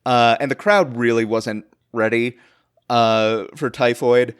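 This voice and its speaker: A man's voice: medium pitch, steady tone, takes it slowly, smooth. A man hosting a comedy history podcast, rambling through a made-up story with lots of fillers and chuckles. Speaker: podcast host.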